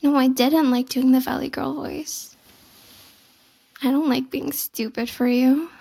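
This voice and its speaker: Giggly, teasing young woman, high fry. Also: steady tone, measured pace, mellow. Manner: playfully bratty and coy. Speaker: audio role-play performer. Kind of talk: intimate audio role-play.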